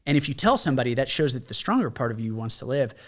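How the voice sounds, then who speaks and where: A man's voice: mid-range voice, big pitch swings, racing, fairly bright tone. Middle-aged guy on a podcast, telling his story straight, casual and candid. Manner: candid, conversational, mimics others in quoted lines. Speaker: podcast guest, combat veteran.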